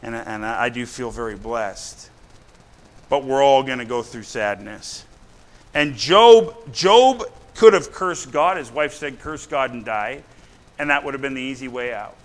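His voice is mid-range and unhurried as he delivers a sermon to a church congregation that answers back. He preaches in a blunt, conversational way, repeatedly checking in with the crowd by asking "right?".

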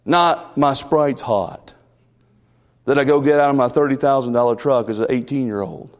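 A man's voice: medium pitch, fast, big-room sound. A man preaching a sermon as the church's pastor, folksy and storytelling, with asides and chuckles.

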